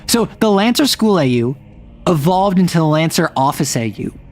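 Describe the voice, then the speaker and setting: A man streaming casually, chatting in an excitable way with quick asides. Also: a little high, soft background music. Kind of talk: casual livestream chat.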